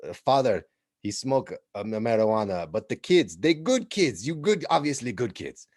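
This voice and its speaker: A man's voice: mid-range voice, big pitch swings, normal speed, a little mellow, dry recording, studio quality. A man voicing a stern middle-aged police chief who speaks in clipped. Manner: clipped broken phrases.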